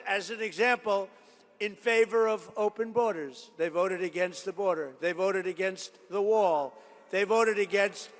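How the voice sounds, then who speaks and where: A man's voice: high-pitched, a bit bright. A man in his seventies giving a rambling, boastful rally speech in a large college hall. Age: 70s. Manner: rambling, boastful, digressive storytelling. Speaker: political speaker. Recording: reverberant hall sound.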